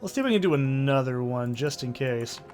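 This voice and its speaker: Brief: male let's play host, excitable and profane, faint game music behind. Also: mid-range voice, brisk. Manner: excitable, swears freely. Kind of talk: casual gameplay commentary.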